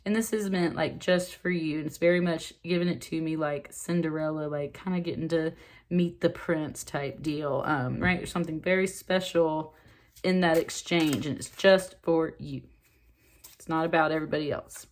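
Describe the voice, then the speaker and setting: A woman with a fairly low voice talks through a tarot reading in a loose, chatty way. She gets excited as she goes and scatters fillers and little asides through her talk. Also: normal speed. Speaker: tarot reader. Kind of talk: casual spoken tarot reading.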